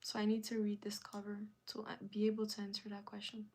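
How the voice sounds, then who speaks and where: A woman hosting a live stream in casual chat, reading viewer comments aloud and putting questions back to the chat. She swings from loud calls to the audience down to soft, near-whispered asides. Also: mid-range voice, completely flat delivery, brisk.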